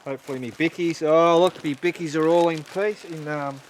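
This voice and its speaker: A middle-aged Australian motorcycle vlogger tells a rambling story to the camera outdoors, swearing freely and padding his talk with fillers. His voice has a fairly high pitch and steady tone, and he speaks a little fast. Loud wind and traffic noise fill the recording.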